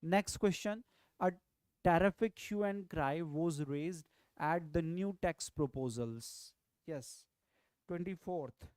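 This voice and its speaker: A tutor with an Indian English accent works through a grammar lesson at an unhurried pace. Points are repeated and checked with "right?". The recording is dry, with almost no room sound. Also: medium pitch, darkish tone, dry recording. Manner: repeats key phrases, explains step by step. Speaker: exam prep tutor.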